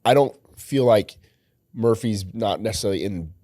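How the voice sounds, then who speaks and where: A man's voice: lowish voice, lively intonation, moderate pace, mellow, no echo, studio quality. A man co-hosting a casual podcast chat, easygoing, agreeing a lot and swearing now and then. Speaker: podcast co-host.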